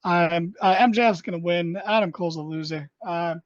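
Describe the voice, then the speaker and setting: A man's voice: high voice, fairly quick, dry recording. Podcast co-host, male, rambling and jokey, recorded dull and dry. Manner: rambling, jokey, many fillers and restarts. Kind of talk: casual chat.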